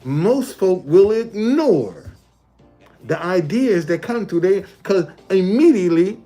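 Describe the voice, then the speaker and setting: A man's voice: sits high, big pitch swings, takes it slowly, mellow, soft background music. A man talking casually on a livestream from a hotel, looping back and repeating his points. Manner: repetitive, loose conversational, restates points. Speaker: live streamer.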